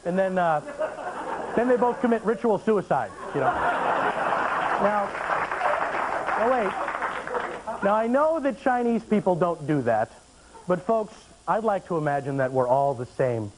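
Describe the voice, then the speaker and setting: Guy doing standup on a tv stage, high voice all over the place, chatty with lots of uhs and dry little asides. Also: moderate pace, a loud crowd, heavy background noise. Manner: animated, deadpan asides, frequent uh fillers. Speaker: stand-up comedian. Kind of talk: stand-up comedy set. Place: TV studio stage before an audience.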